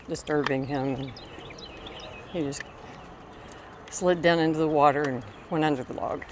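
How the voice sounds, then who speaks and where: A woman's voice: sits low, darkish tone. A middle-aged woman chatting casually on a rural walk, rambling between thoughts and stopping to talk to her dog. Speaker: vlogger. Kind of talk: casual walking vlog. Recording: clear outdoor background noise.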